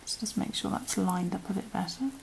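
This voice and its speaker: A British woman talks through a crochet tutorial in an easy, conversational way. Her voice has a gravelly fry, and her words often trail off into murmurs as her hands get busy. Soft clicks and a faint background hiss sit behind her. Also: medium pitch, brisk. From United Kingdom. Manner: chatty, often trailing into murmurs and whispers while working. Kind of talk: casual step-by-step craft tutorial.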